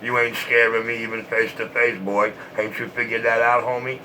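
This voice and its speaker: A man's voice: mid-range voice, flat delivery, moderate pace, bright, forceful tone, low-quality recording. A man trash-talking and taunting in a repetitive, boastful way, short of breath from smoking.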